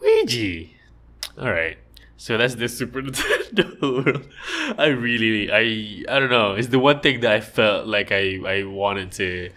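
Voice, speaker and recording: A young man, chatting casually on a podcast and telling stories with lots of laughter. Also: unhurried. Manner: animated storyteller who acts out quotes in high voices and laughs often. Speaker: podcast co-host. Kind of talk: casual chat.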